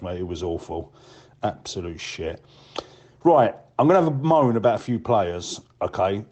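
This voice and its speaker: A man's voice: fairly low pitch, mellow. A man leaving a voicemail, ranting bluntly and with frustration, swearing and saying mate often.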